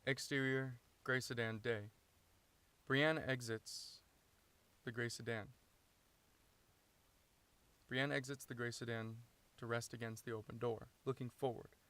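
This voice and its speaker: A man reading his own screenplay aloud, steady and matter-of-fact, inside a parked car. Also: medium pitch, measured pace, pauses often, clean tone. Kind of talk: script read-through narration.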